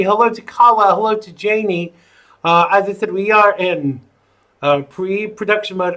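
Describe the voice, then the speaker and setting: A man's voice: high voice, normal speed, bright, forceful tone. A man hosting a live online talk show, rambling and joking with viewers between chatty asides. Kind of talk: casual livestream chat.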